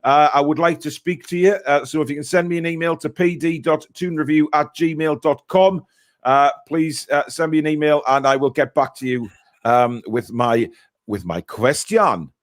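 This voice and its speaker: A man's voice: a little high, normal speed. A man hosting a casual live stream, reading out viewer messages and giving blunt opinions.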